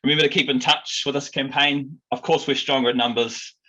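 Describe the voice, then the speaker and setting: A man's voice: mid-range voice, steady tone, a little fast, bright, forceful tone, poor audio. A man, a union president giving an earnest, rallying speech to members, with frequent ums. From New Zealand.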